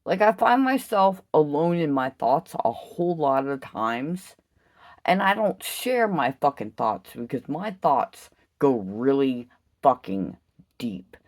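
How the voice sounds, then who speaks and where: A woman giving an impassioned solo vlog rant, emphatic and profane, swinging from loud outbursts to low, slow musing. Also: big pitch swings. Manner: intense, emphatic, heavy swearing. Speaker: vlogger.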